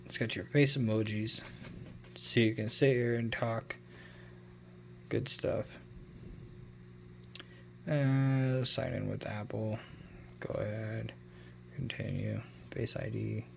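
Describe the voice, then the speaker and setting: A man's voice: fairly low pitch, steady tone, measured pace, creaky, slight background noise. A man giving a casual phone review, rambling and correcting himself as he goes. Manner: rambling, self-correcting, unsure of his numbers. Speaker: tech vlogger.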